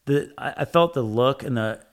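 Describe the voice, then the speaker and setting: Casual man, mid-pitch, storyteller type, swears freely, quotes himself a lot. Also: moderate pace, clear, resonant tone. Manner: rambling, frequent fillers and profanity, acts out his own quotes. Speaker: tattoo machine builder, guest.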